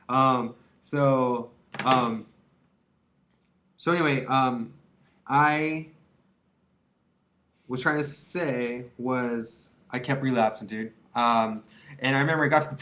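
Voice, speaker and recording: A young man in his twenties speaks straight to the camera in a relaxed, confessional vlog. His talk is loose and rambling, full of slang and fillers like "dude" and "man". His voice sits at an ordinary middle pitch. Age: 20s. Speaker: vlogger giving advice on quitting. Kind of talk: casual confessional monologue to camera.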